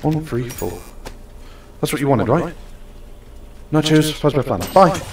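A man's voice: fairly high pitch, animated, unhurried, distant mic, slight background noise. A young man streaming a game, chatting casually and playfully bossing around the customers. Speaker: gaming streamer. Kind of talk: casual live-stream commentary. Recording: roomy echo, off from the mic.

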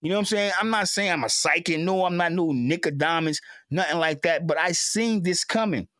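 A man's voice: on the high side, a little fast, fairly bright tone, dry recording, studio quality. A man giving an emotional, repetitive sports rant as a fan commentator, stammering at times.

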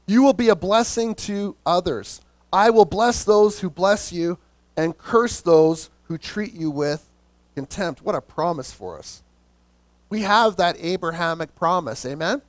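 A male pastor preaching a sermon, slowing down to stress key words and calling out to the congregation for responses. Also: sits high, no echo.

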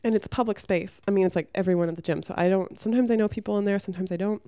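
A young woman talking frankly to camera, giving relationship advice and telling a story from her own life with lively acted-out quotes and some swearing. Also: mid-range voice, racing, no room sound, studio quality. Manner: frank and blunt, swears freely; lively storyteller who acts out the people she quotes. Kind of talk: casual advice monologue with storytelling.

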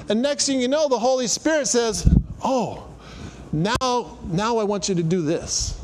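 A man's voice: high voice, big-room sound, a little hiss or hum. A middle-aged man giving an informal, conversational sermon to a congregation, repeating phrases for emphasis and telling stories. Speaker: congregation speaker giving weekly welcome. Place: congregation sanctuary.

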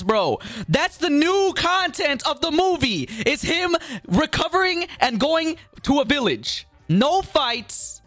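A video creator in a comedic rant vlog, talking with exaggerated indignation. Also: male voice, very high-pitched, fairly bright tone, dry recording.

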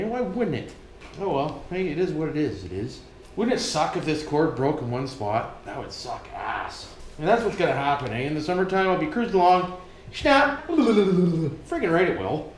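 A Canadian man vlogging casually as he works, joking and swearing and talking to his viewers as "boys". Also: high-pitched. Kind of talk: casual vlog while working. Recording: echoey room.

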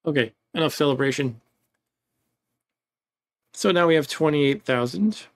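Unhurried and lively in intonation, this man's voice sits on the high side as he casually narrates his own game playthrough. It's rambling let's-play commentary, with occasional chuckles and game text read aloud.

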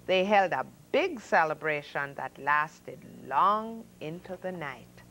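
A woman hosting a story hour, reading children's picture books aloud with expressive sound effects and voices for the animals. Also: deep voice, takes it slowly, slight background noise, low-quality recording. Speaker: storyteller host.

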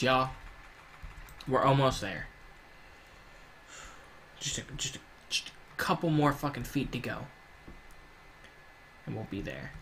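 A man's voice: mid-range voice, fairly bright tone, a little hiss or hum. A man giving casual, rambling gameplay commentary, swearing often and drifting into rants. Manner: rambling, profane, ranting. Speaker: gaming YouTuber.

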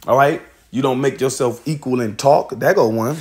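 A man's voice: mid-range voice, normal speed, darkish tone. A man teaching scripture in a loose, casual way, swearing and laughing often as he reads verses aloud.

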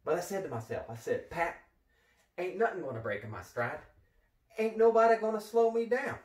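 An overeager middle-aged ex-gym teacher , played by a man, gives a pep talk in a comedy sketch, swooping up and down in pitch as he goes. He loops his slogans and keeps asking "all right?" His voice sounds roomy and a little distant from the mic. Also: big pitch swings, moderate pace. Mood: hyped. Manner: pumped-up pep-talk delivery, repeating catchphrases, frequent "all right?". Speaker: comedic character monologue. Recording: echoey room, voice from off the mic.

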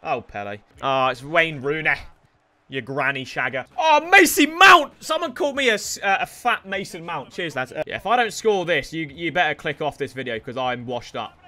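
A young man commentating on his own football video game, excitable and sweary, often shouting at the players. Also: fairly high pitch, fairly quick. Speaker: gaming streamer. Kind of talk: live gameplay commentary.

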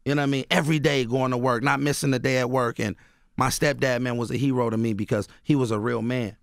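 A guest author and rapper from Oakland tells loose stories in a casual radio studio interview, packing them with "you know what I mean." His medium-pitched, gravelly voice is fast and fairly even, recorded dry with studio quality.

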